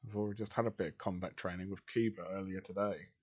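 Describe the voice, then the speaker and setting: A man's voice: sits low, steady tone, fast, breathy edge, pitched below the performer's own voice. A man voicing a cocky teenage boy who answers his parents bluntly. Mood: dismissive.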